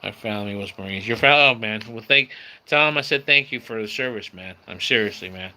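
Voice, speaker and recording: A lowish, bright, forceful male voice moves at a quick pace as a San Diego livestream host talks casually with his viewers. At home beside a screen door, he keeps it laid-back, tossing out bro and dude.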